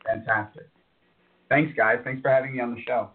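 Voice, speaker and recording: A man from New York City speaks as a wellness guest, telling stories in an animated, loose way full of fillers. He is heard through a computer mic that makes his voice thin and phone-like. His pitch sits in the middle. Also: moderate pace. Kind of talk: casual interview talk.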